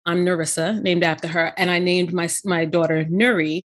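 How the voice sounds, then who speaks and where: A woman's voice: fairly low pitch, steady tone, normal speed. A middle-aged woman telling a personal story in casual conversation, full of "you know" and "right?" asides. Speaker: podcast co-host.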